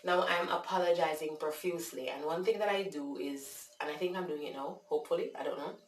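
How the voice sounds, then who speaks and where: A Jamaican woman vlogger telling a casual, animated story, with frequent fillers. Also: low-pitched, fairly quick. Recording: echoey room, distant mic.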